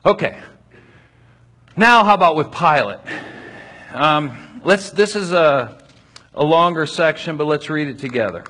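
A man's voice: on the high side, expressive, measured pace, pauses often, sharp tone. A man leading a Bible study, reading passages aloud and explaining them in a conversational way with frequent restarts.

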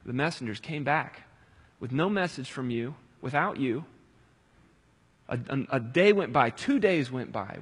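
A man preaching a sermon, swinging between loud pleading cries and quiet, reflective reading. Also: a little high, big pitch swings, moderate pace, pauses often, slightly rough, long reverb tail. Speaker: pastor.

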